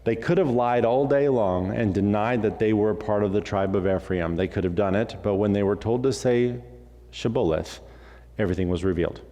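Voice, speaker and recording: A man preaching a sermon as pastor. He talks in an animated way, acts out bits of dialogue and throws in jokey asides. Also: lowish voice, a little fast, in a large hall, muffled recording. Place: church sanctuary.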